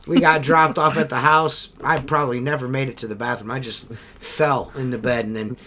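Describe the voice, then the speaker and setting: A man's voice: medium pitch, fairly even intonation, a little fast, background noise. A man hosting a podcast, telling crude, profane stories in casual chat. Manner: crude, profane storytelling with frequent laughs. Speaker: podcast host.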